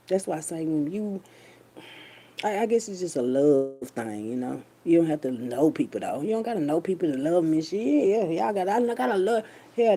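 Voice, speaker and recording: Her voice is low, dark and slightly rough. This middle-aged vlogger spins a loose, talkative story for her audience, thick with slang, addressing them as baby and child.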